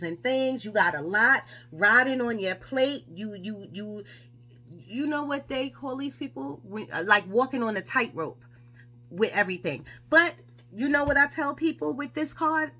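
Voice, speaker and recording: A woman's voice: a little high, measured pace, sharp tone. Emphatic woman giving a chatty tarot reading. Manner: chatty and emphatic, with lots of rhetorical questions. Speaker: tarot reader.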